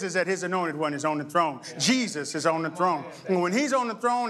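A middle-aged male pastor preaching a sermon in an animated way, with sudden high exclamations and call-and-response with the congregation. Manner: acts out voices of others in quick asides.

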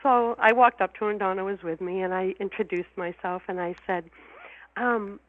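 A woman's voice: mid-range voice, steady tone, moderate pace, dry recording. Heartfelt woman guest on a phone line. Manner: heartfelt, emotional, repeats words. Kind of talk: personal storytelling in an interview.

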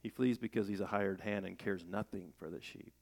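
A man's voice: sits low, fairly quick, creaky, darkish tone. A middle-aged man preaching a sermon in a conversational way, asking rhetorical questions and raising his voice for emphasis. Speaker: pastor.

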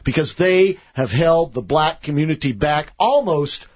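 A man hosting a talk radio show, opinionated and quick to push back on callers. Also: a little high, expressive, breathy edge. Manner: opinionated, stammers when interrupted. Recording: muffled radio broadcast.

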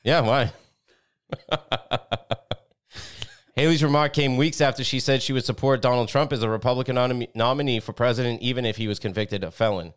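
A man with a smooth, clear voice of middling pitch reads the week's articles on a podcast. He breaks off into blunt, cursing commentary and trips over words now and then. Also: brisk, pauses often. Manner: blunt, profane asides between read passages; stumbles and restarts words while reading. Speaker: podcast co-host. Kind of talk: reading news articles with commentary.

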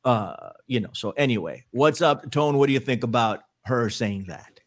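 Middle-aged male podcast host; loose, wry, rambling delivery at a mid pitch. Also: animated, moderate pace. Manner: rambling, restarts, wry asides. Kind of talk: casual political podcast chat.

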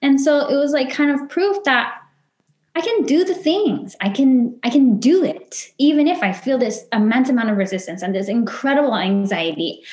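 A woman's voice: high-pitched, animated, moderate pace, darkish tone. A woman, a podcast guest, telling a personal story in conversation and acting out her past self and others in quoted lines. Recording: roomy echo.

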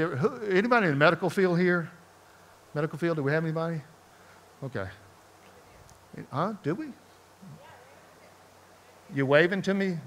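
A man preaching, telling a personal story in a conversational, animated way and asking the congregation questions as he speaks to them in church. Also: a little high. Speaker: pastor. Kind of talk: storytelling sermon. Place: church sanctuary before a congregation.

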